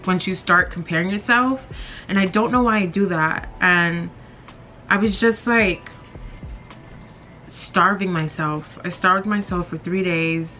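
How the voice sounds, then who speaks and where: A woman's voice: mid-range voice, bright, forceful tone. A woman in her twenties chatting candidly in her bedroom while doing her makeup, rambling with lots of fillers. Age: 20s. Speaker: beauty vlogger.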